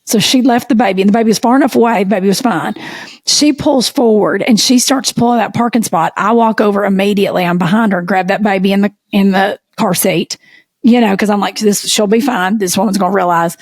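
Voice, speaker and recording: A woman with a Southern US accent co-hosting a podcast, telling a story in an animated, folksy way. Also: mid-range voice, fast, no room sound. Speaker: podcast co-host. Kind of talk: casual storytelling chat.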